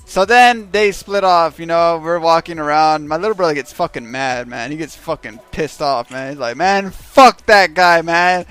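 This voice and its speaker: A man's voice: a little high, normal speed, few pauses, fairly bright tone, smooth, faint music behind. A man telling a rambling, profanity-heavy story on a stream. He keeps checking in with his listeners by asking "right?". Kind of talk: casual storytelling.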